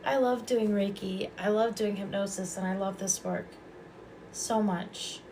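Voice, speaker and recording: A woman's voice: mid-range voice, steady tone, measured pace, darkish tone, a little hiss or hum. A woman hosting a casual livestream as a Reiki and hypnosis practitioner, chatty, affectionate and rambling.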